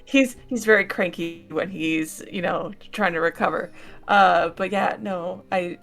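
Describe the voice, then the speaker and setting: A woman voicing a caring young woman adventurer who speaks softly and reassuringly, holding back tears. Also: on the low side, unhurried, gravelly, faint music behind. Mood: tender.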